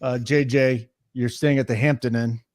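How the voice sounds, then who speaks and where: A man in his forties co-hosting a sports betting show, trading crude deadpan jokes in casual chat. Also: mid-range voice, moderate pace, no echo, studio quality. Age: 40s.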